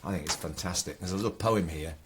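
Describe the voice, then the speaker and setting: An older man from a small English town, telling family stories in an animated way that often trails off and restarts. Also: deep voice, quick pace, background noise. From Ilkeston, England. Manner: animated storyteller, restarts and trails off when excited. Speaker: guest exploring his family history. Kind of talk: casual documentary conversation.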